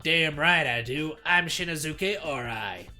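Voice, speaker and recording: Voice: mid-range voice, animated, pushed and bright, faint music behind. A streamer doing a nasal, pompous theater man. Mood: indignant. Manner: angry, slow, pompous snapping. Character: hot-tempered middle-aged male theater director. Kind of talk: voicing a game character while reading aloud.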